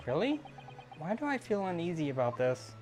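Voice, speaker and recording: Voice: medium pitch, sing-song, moderate pace, music in the background, close to an everyday voice. A gamer voicing a skeptical, earnest young male lawyer in a plain, doubtful voice. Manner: dry, doubtful. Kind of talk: fan voice-over of a game.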